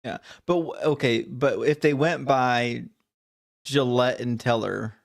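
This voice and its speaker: A man co-hosts a casual podcast, joking along, catching and correcting his own slips, and pulling the talk back on track. His voice sits at a middling pitch with a gravelly texture. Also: fairly even intonation, no echo, clean studio sound. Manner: joking, quick to correct himself, steers back to the text. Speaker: podcast co-host. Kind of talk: casual chat.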